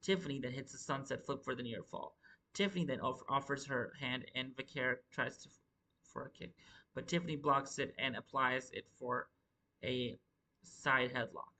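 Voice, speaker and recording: Bright-voiced, profane wrestling reviewer man. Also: medium pitch, moderate pace, poor audio. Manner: rambling, profane, stumbles and restarts often. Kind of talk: profane live review commentary.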